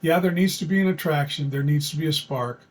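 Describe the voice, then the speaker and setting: A man's voice: on the high side, fairly quick. A middle-aged man telling a personal story in an earnest, folksy way, repeating phrases for emphasis as he gives dating advice.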